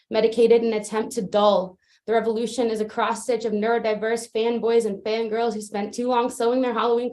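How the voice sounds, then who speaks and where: A woman reciting a spoken word poem in a flat, level voice that barely rises or falls. She joins the open mic remotely over a video call and keeps her delivery steady from line to line. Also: mid-range voice. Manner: steady, even recitation with little rise and fall. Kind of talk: spoken word poetry performance. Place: remote, joining from afar.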